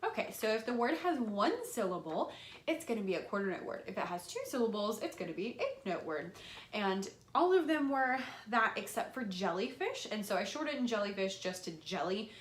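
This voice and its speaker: A woman's voice: sing-song, normal speed, reverberant. A young woman, an elementary music teacher, casually explaining a classroom lesson and acting out how she talks to her students. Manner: enthusiastic, acts out her classroom voice with big pitch jumps.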